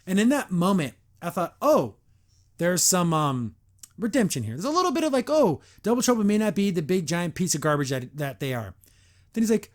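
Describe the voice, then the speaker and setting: A man's voice: on the high side, very animated, normal speed. A man hosting a podcast, reviewing a cartoon episode in a sarcastic, exasperated way and acting out the characters' lines.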